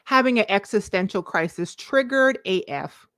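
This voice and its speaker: A woman in her forties telling a personal story to her live-stream viewers, expressive and confiding, with sudden leaps in pitch. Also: normal speed, no echo, clean studio sound. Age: 40s. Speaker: vlogger, life coach.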